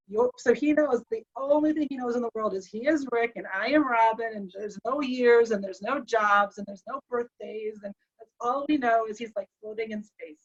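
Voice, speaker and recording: A woman's voice: a little high, normal speed. A woman guest recounting a personal story with feeling, acting out the dialogue as she goes. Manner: animated retelling that acts out the dialogue. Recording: slightly dull lo-fi recording.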